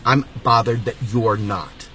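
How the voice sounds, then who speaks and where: A man hosting his own political channel, delivering an angry, emphatic rant and sometimes shouting. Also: mid-range voice, a little slow, slight background noise. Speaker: host of a political video channel. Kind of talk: impassioned political rant to camera.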